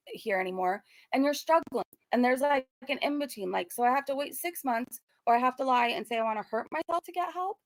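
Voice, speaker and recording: A woman's voice: medium pitch, vocal fry, no room sound. A young woman talking casually and earnestly to her viewers, rambling with many fillers. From Southern California. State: choked up, near tears. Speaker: commentary YouTuber. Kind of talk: casual commentary vlog.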